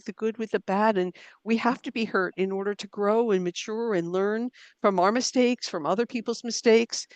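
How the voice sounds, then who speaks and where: A woman's voice: medium pitch, dry recording. A middle-aged woman answers a host's questions thoughtfully, poking fun at herself and circling back with restarts and fillers. Her voice sits mid-range and sounds dry and close to the mic. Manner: thoughtful, self-deprecating, frequent fillers and restarts. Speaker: author and writing coach, guest. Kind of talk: conversational interview.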